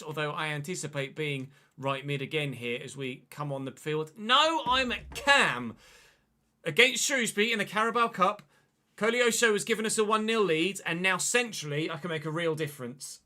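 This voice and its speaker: A man with a very bright, sharp-edged voice, pitched a little higher than most men. He streams a football video game live, talking through his own play in a chatty way and bursting into excitement at the near chances. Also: brisk. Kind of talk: live gameplay commentary.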